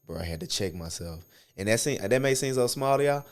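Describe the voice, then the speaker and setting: A young man co-hosting a podcast in casual chat, telling profane, animated stories from his own life. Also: mid-range voice, a little fast. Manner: animated, profane storytelling with acted quotes. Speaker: podcast co-host.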